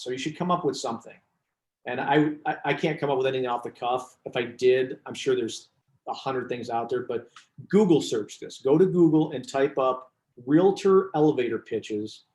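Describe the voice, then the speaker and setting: Guy business coach rambling through stories, mid-pitched voice, echoey room. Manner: animated storyteller, frequent restarts and asides. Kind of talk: casual interview chat. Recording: roomy echo.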